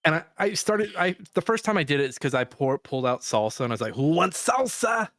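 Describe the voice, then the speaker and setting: Male podcast co-host, casual chat, lively swooping pitch, dry close sound. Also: quick pace, no echo. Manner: animated, laughing, slips into put-on voices.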